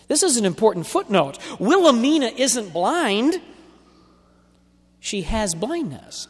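A man preaching a sermon in an emphatic, deliberate way, stretching out key words. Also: high-pitched, big pitch swings, husky. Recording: long hall reverb.

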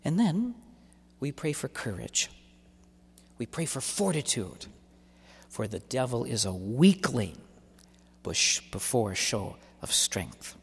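Animated man preaching in an echoing hall. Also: mid-range voice, takes it slowly, long pauses, slightly rough. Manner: animated, emphatic preaching with rhetorical repetition. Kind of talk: sermon.

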